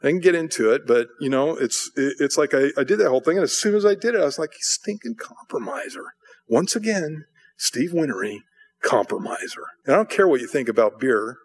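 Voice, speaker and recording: A man's voice: mid-range voice, expressive, fast, few pauses. A man preaching a sermon in a casual storytelling way, acting out other people's lines in his anecdotes. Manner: conversational, acts out voices in anecdotes. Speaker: pastor.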